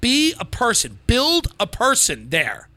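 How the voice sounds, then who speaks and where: A man's voice: extremely high pitch, huge pitch swings, a little slow, sharp tone, dry recording. A man co-hosting a podcast in casual banter, blunt, brash and profane, giving unfiltered advice. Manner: puts on mocking voices. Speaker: podcast co-host.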